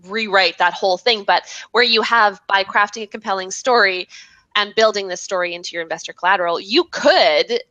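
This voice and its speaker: Bright, blunt-talking woman giving copy advice. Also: mid-range voice, no room sound, muffled recording. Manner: direct, blunt advice with quick asides. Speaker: guest copywriting expert. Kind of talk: live online review session.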